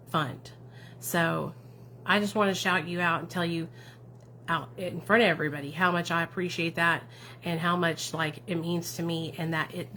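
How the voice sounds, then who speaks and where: A woman with a fairly low voice chats on a livestream about recovery, answering her viewers' comments one by one. She sounds affirming and encouraging and often ends her points with little tag questions. A faint hum sits under her voice. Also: a bit bright. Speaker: addiction recovery advocate and streamer.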